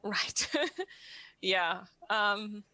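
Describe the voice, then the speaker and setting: Playing a tabletop RPG both in and out of character, this woman reasons out loud, full of fillers and pauses. Her medium-pitched voice is pushed and bright, with lively intonation and stretched-out words, and there's no room sound.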